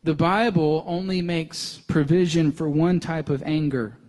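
Young guy pastor preaching, kinda high voice, gets intense then goes quiet. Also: steady tone, unhurried. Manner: earnest, rising to intense emphasis then dropping soft. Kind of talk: sermon.

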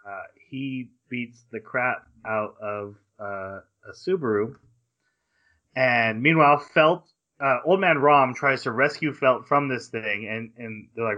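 A man hosts a casual podcast and recaps anime scenes with lively energy, jumping into quick acted-out quotes. His voice is bright and forceful. The recording sounds a little dull and lo-fi. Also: mid-range voice. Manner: animated retelling with quick acted-out quotes of characters. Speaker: podcast host. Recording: slightly dull lo-fi podcast audio.

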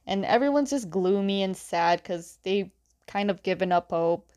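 A woman's voice: mid-range voice, animated, normal speed, darkish tone. A young woman casually retelling a comic's plot, chatty, with fillers and giggles. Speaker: comic recap host.

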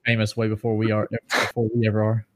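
A man's voice: fairly low pitch, completely flat delivery, fast talker. Regular guy on a podcast, talks a lot, explains stuff. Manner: chatty, explains things. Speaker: podcast co-host. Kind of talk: casual chat.

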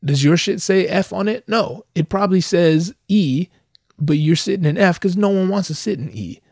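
A man telling a stand-up story full of swearing, lively and animated, his voice leaping up whenever he acts out a quote. The sound is dry and close, with no room around it. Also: high voice, moderate pace, no echo. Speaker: comedian.

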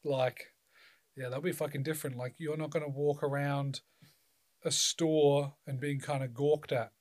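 A man's voice: on the high side, little pitch movement, normal speed, a little mellow. A man chatting casually as a podcast co-host, rambling and swearing, acting out quotes in little voices. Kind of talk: casual chat.

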